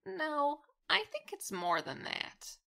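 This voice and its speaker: A woman's voice: high-pitched, wildly swooping pitch, takes it slowly, gravelly, bright, forceful tone, exaggerated voice. A woman playing a cocky young gamer who needles her rival with provocative taunts. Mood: taunting.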